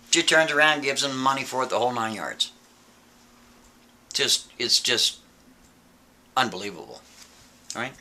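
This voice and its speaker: A man telling a story in a casual, animated way, often turning to the listener with quick asides. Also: medium pitch.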